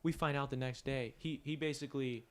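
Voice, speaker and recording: A man's voice: medium pitch, fairly even intonation, a little fast. A young man hosting a podcast, telling a story in a casual, profane, rambling way with constant "like" fillers. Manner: profane, rambling, heavy use of "like". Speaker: podcast host.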